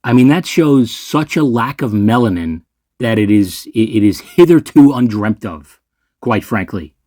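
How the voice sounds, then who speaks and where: A man's voice: medium pitch, expressive, a little slow, a little mellow, no room sound. A man ranks movies in a sarcastic, ranting commentary, swearing freely as he goes. His voice sits in the middle range and sounds dry and close. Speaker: movie reviewer host. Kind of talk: ranking list commentary.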